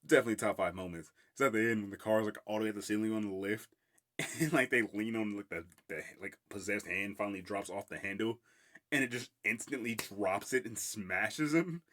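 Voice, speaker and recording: A man's voice: on the low side, brisk, fairly bright tone. A man hosting a casual solo podcast review of a film, rambling, laughing often and swearing freely. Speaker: podcast host.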